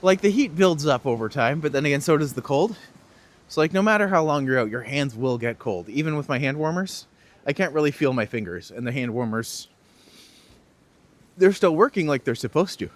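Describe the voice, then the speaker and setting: A young man with a fairly high, lively voice talks quickly as he streams a walking tour through cold city streets. Acting as a tour guide, he chats casually, reading out viewers' questions and answering them with jokes.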